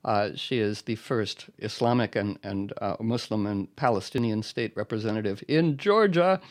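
A man hosting a show, introducing a clip in a loose, rambling way with hesitant pauses. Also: on the low side. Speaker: host.

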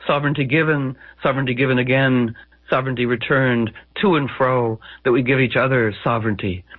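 A man's voice: medium pitch, steady tone, a little fast, no echo, narrow, tinny audio, lightly acted. A man voicing a grotesque, commanding hag in a spoken storytelling piece, bold and bargaining.

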